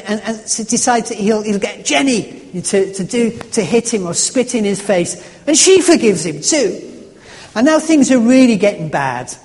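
A man preaching a sermon, telling a story in an earnest, halting way with frequent restarts. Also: high voice, a little mellow. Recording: echoey hall.

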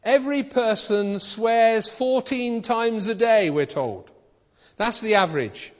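A man's voice: high voice, lively intonation, slow. A man preaching a sermon in a conversational way, asking his listeners questions. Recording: dull recording with hall reverb.

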